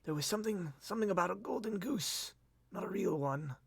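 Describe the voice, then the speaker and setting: A feeble nobleman wakes up confused, voiced by a man running a tabletop game. The voice is cracked and broken, raised in pitch and soft. He speaks haltingly, pleading, in a dry and close sound. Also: expressive, gravelly, breathy edge, no echo, heavily acted. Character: weak, confused young nobleman lord. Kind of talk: tabletop role-play.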